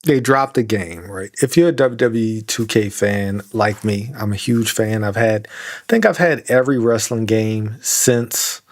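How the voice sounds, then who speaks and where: A man's voice: on the low side, measured pace. A young man co-hosting a podcast in casual chat, laughing often and acting out quoted lines. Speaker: podcast co-host.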